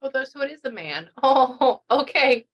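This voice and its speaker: Fairly high-voiced woman, chatty pet medium, rambles and restarts a lot. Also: expressive, moderate pace, slightly rough, lo-fi sound. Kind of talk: casual live reading session.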